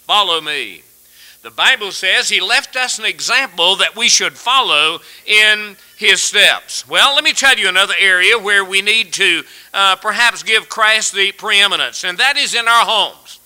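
A man's voice: high-pitched, normal speed, few pauses, sharp tone, poor audio. A man preaching a sermon in a folksy, earnest way, telling a humorous story to his congregation. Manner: folksy, earnest, tells stories and jokes.

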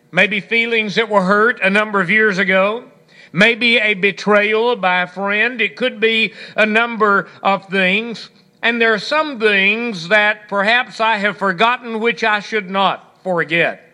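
A man's voice: high voice, sharp tone. A man preaching a sermon on gratitude, folksy and storytelling, with scripture and a bit of humor. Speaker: pastor.

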